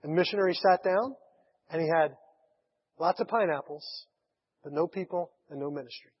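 A man preaches in a long-echoing hall, recorded on dull, lo-fi equipment. His voice sits high and a little husky as he tells a story with frequent chuckles. He slips into the voices of the people he quotes. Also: moderate pace. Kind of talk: sermon storytelling. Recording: echoey hall, dull lo-fi sound.

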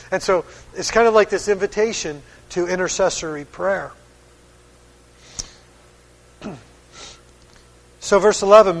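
High-voiced man preaching in a reverberant hall. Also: lively intonation. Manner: reads old-style scripture slowly, then acts out the people in his own voice with chuckles. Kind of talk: sermon with scripture reading.

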